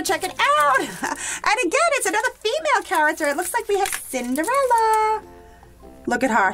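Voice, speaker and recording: A woman hosting a toy unboxing vlog, gushing with enthusiasm and talking to her viewers as guys. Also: high-pitched. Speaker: toy unboxing channel host.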